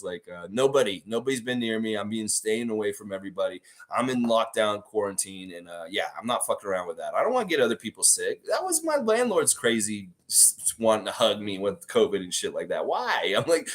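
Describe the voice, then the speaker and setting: Animated, profane young man livestreaming. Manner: animated, profane, laughs at his own stories; acts out quotes in a high exaggerated voice. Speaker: livestream host. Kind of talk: casual livestream chat reading comments. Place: home room where he works.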